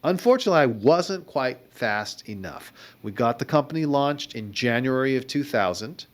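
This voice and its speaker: A man's voice: mid-range voice, animated, normal speed. A middle-aged man being interviewed as an entrepreneur, telling wry, reflective stories about his career in a conversational way. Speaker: guest entrepreneur. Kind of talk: conversational storytelling.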